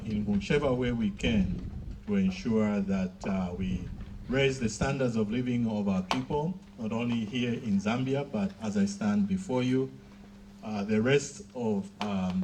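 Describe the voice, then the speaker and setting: Low-ish voiced man giving a graduation speech, slow with lots of uhs, bit of faint noise behind. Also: darkish tone. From Southern Africa. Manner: measured, pausing often with fillers. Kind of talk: formal ceremonial speech.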